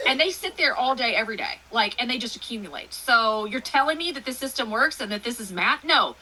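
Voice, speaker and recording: A woman from Texas with a Texan accent, telling stories in a rambling, animated way as a guest in a casual interview. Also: a little high, a little fast, hardly any pauses, poor audio. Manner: rambling, animated storytelling with fillers. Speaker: guest author.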